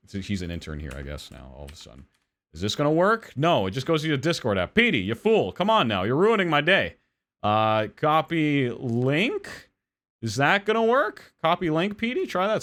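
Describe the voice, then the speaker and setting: Give me a rambling, animated male podcast host chatting live. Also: medium pitch, fairly quick. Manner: rambling, swears, self-deprecating. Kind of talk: casual live-stream podcast chat.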